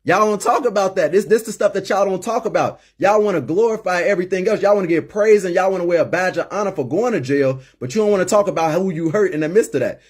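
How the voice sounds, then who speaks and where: A man's voice: sits high, fast talker, hardly any pauses. A middle-aged man hosting a call-in show, talking emphatically and repeating words as he gets worked up. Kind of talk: impassioned monologue.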